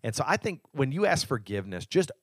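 Co-hosting a casual faith podcast, a man explains things earnestly and reflectively, often restarting his sentences. His medium-pitched voice is sing-song, quick, and a little breathy, recorded at studio quality with no room sound.

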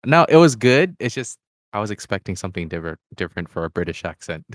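Deep, laid-back man co-host. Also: sing-song, fast talker, no echo, clean studio sound. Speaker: podcast co-host. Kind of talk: casual podcast chat.

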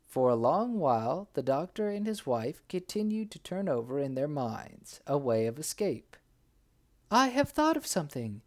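A man's voice: on the high side, moderate pace, few pauses. A man reading a folk tale aloud as narrator, bringing the characters' cries to life. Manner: lively, acts out the characters' cries. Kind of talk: storybook reading.

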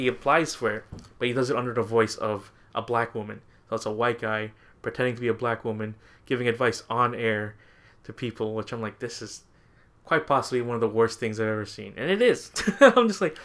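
A man's voice: medium pitch, a bit bright. A man co-hosting a podcast in casual chat, rambling and laughing often as he quotes his own reactions. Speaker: podcast co-host.

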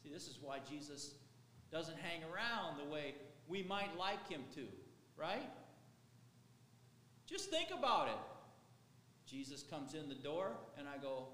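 A man's voice: a little high, animated, a little slow, long pauses, pushed and bright. A man, a pastor, preaching a sermon in a conversational, rambling way. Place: church sanctuary. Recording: echoey hall with faint ambience.

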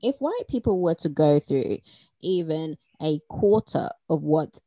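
A low-voiced woman with a mellow tone speaks emphatically on a podcast, her pitch swinging widely as she builds to forceful peaks. The recording is close and dry. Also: big pitch swings, unhurried, no room sound. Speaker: podcast co-host. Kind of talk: casual chat.

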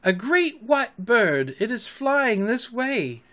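Man putting on a young boy's voice, high and breathless, frightened then awestruck, storybook reading. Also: lively intonation, unhurried, a bit bright. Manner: high, urgent cries.

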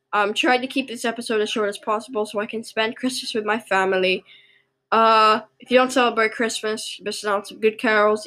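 A woman hosting her own casual episode, talking to listeners in a loose, joking ramble. Her voice sits a little high, and she fills pauses with plenty of ums and uhs and starts some sentences over. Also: a bit bright, rough recording. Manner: rambling and jokey, many fillers and restarts. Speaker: podcast host. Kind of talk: casual solo episode monologue.

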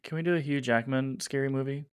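A man co-hosting a podcast in easy, casual chat. He sounds eager and fires off one teasing question after another. His voice has a medium pitch. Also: steady tone, fast, clean tone. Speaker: podcast co-host.

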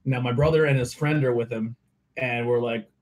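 A man's voice: medium pitch, fairly even intonation, normal speed. A young man from eastern Pennsylvania hosting a beer podcast, telling stories casually, swearing and laughing as he goes. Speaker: podcast host. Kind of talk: casual storytelling over beers.

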